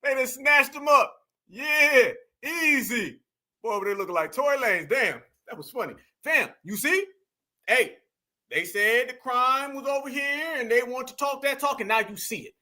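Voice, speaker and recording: A man's voice: extremely high pitch, lively intonation, moderate pace, sharp tone. A man hosting an online commentary stream, talking to viewers in an emphatic, slangy, casual way.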